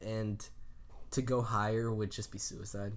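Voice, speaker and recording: A young man co-hosting a podcast in casual chat, laughing often and adding quick asides. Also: on the low side, level tone. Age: young adult. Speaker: podcast co-host.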